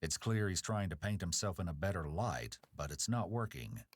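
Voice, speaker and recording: A man narrating a true crime documentary in a measured, judgmental tone. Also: sits low, animated, slight background noise.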